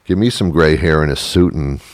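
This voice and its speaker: Host, male, very low voice; rambling sarcastic stand-up-style rant, dry close sound. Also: fairly quick, dry recording. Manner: rambling, sarcastic, laughs at his own jokes. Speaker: show host. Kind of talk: comedic monologue.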